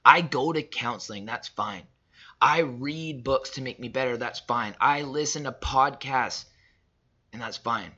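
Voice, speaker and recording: A man in his thirties delivering a personal motivational monologue, emphatic and repetitive, swinging between loud and soft. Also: mid-range voice, a little slow, husky, highs cut off. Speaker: father sharing reflections.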